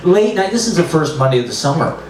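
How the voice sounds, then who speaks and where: High-pitched guy emceeing an open mic, all hype, echoey room, mic far off. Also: animated, quick pace. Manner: exuberant, hyping up the crowd. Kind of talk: emcee banter. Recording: roomy, distant mic, noisy room.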